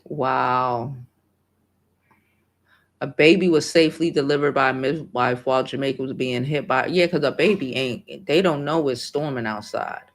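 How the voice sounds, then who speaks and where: A woman's voice: very deep voice, moderate pace. A woman hosting a casual livestream, talking in an emphatic, emotional way and swearing freely. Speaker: livestream host.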